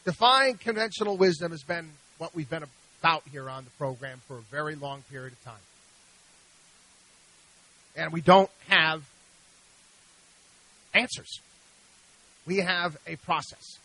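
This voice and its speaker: A man's voice: on the high side, expressive, a little slow, pauses often, bright, forceful tone, rough recording. A man hosting a radio show, delivering an emphatic, preachy monologue full of rhetorical questions.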